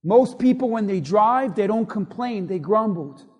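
A man preaching a sermon as pastor, emphatic, swinging between loud and hushed delivery, in a church sanctuary. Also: high voice, lively intonation, measured pace. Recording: long reverb of a large hall.

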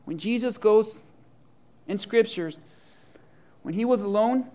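A man preaching a sermon as pastor, telling a story with lively acted-out scenes and swinging between loud excitement and quiet intensity. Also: sits high, slow pace, pauses often.

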